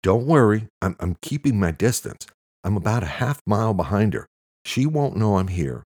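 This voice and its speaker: A man's voice: fairly low pitch, slightly rough, pitched above the performer's own voice, exaggerated voice. A man voicing a manic, out-of-breath young man talking on the phone in an audiobook. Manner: rushed, excited.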